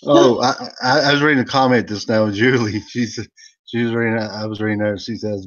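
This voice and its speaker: A man hosting a wrestling talk channel, chatting in a rambling, halting way with folksy grammar. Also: medium pitch, fairly even intonation, highs cut off. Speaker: YouTube wrestling channel host. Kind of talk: casual chat.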